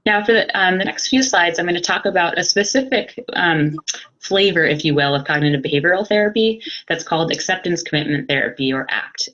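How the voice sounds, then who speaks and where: A woman psychologist giving an educational webinar talk in a calm, explanatory way, pausing often as she thinks. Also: deep voice, dull audio. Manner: calm, explanatory, hesitant with pauses. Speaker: psychologist presenter. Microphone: computer mic on a video webinar.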